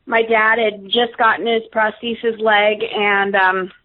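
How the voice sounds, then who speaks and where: A woman's voice: mid-range voice, flat delivery, a little slow. A woman, a radio guest, telling a story casually with many fillers and restarts. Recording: tinny phone line.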